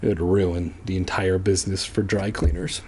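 A man's voice: low-pitched, little pitch movement, normal speed, a little mellow, slightly rough. A man casually reading a children's book aloud, breaking off for irreverent, swearing asides. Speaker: reader. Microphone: home recording, edited later.

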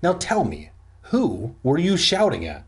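A man's voice: fairly high pitch, huge pitch swings, unhurried. A man voicing a worried, watchful middle-aged mother in a comedic book reading, asking fussy questions. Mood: fussing.

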